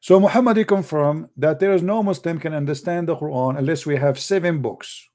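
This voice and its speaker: A man with an Arabic accent, a native Arabic speaker from the Middle East, hosting a live debate show in a mocking, emphatic and forceful way. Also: fairly high pitch, a little fast. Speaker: apologetics show host.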